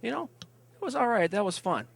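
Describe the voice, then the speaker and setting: A man calling a football game online, eagerly reading out viewer emails and shout-outs. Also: high-pitched, very animated, normal speed, creaky. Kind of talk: live sports webcast commentary.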